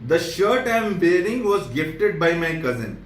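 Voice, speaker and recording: A man with an Indian English accent teaching a grammar lesson, repeating and rephrasing each point slowly. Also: on the high side, big pitch swings. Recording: echoey room, distant mic, faint noise.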